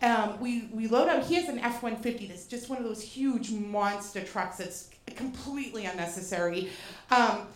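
High-voiced woman telling a comic story. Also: normal speed. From Boston. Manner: animated and profane, with self-mocking asides. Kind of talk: comedic personal storytelling. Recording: roomy echo.

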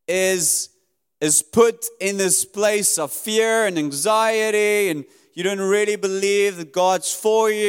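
A man preaching with a somewhat high, smooth and resonant voice. He speaks earnestly and emphatically, swinging from raised, urgent lines down to quiet ones. The sound rings with the long reverb of a church hall. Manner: earnest, emphatic preaching that rises and drops sharply. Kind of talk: sermon.

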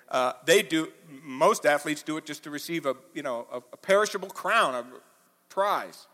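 A man preaching a sermon as pastor, swinging between quiet, low asides and loud, impassioned bursts. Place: church auditorium. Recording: reverberant church hall.

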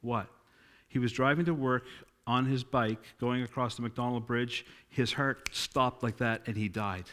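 A man's voice: medium pitch, fairly even intonation, a little slow, a bit bright. A middle-aged man preaching a sermon, telling stories and acting out quoted dialogue with emphasis.

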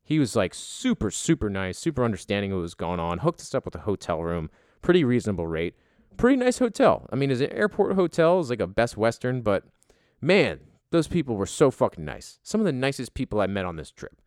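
A man's voice: mid-range voice, sing-song, brisk, darkish tone, no room sound, clean studio sound. A young man telling a story as a casual, exasperated rant, swearing heavily.

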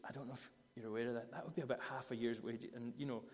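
A man acting out a bashful apostle who fumbles his words and keeps his voice low. He does it, in a mid-pitched voice. The sound rings out in a big reverberant hall. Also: fairly even intonation, very fast, natural voice. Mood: sheepish. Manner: hushed, awkward and hesitant. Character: sheepish apostle Peter, hesitant grown man.

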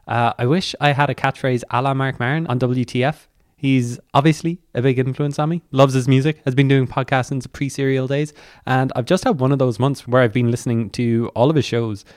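An Irish man hosting a podcast on his own, chatting loosely and wandering into jokey, self-deprecating tangents. His voice sits in an ordinary male pitch range. It is recorded close and dry, with no room sound. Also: a little mellow, dry recording. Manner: rambling, self-deprecating asides. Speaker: podcast host. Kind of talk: chatty solo podcast intro.

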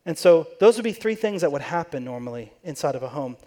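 A pastor delivers a sermon in church, telling the story conversationally and acting out the voices of the people he quotes. His voice is a little high and dark in tone, animated and quick.

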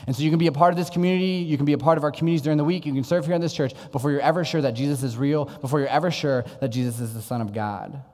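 A young man who is a pastor, giving a sermon in a relaxed, conversational style and telling stories from his own life. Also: fairly high pitch, rapid-fire, hardly any pauses, long reverb tail. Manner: conversational storytelling preacher. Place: church.

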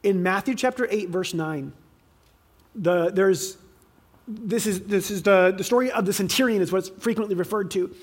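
High-voiced man preaching conversationally. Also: normal speed. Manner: acts out quoted speakers in lively voices; plain and direct, with restarts. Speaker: teacher on faith and parenting. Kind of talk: conversational sermon.

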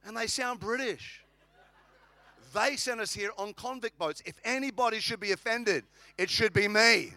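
A man's voice: sits high, moderate pace, pushed and bright. An Australian man preaching a sermon, emphatic and humorous, with lots of repetition. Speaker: pastor.

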